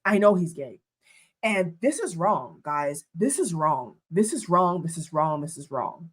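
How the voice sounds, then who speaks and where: A woman's voice: on the low side, lively intonation, a little slow, breathy edge. A woman giving indignant reaction commentary, addressing her viewers as "guys" and repeating herself. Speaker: commentary vlogger.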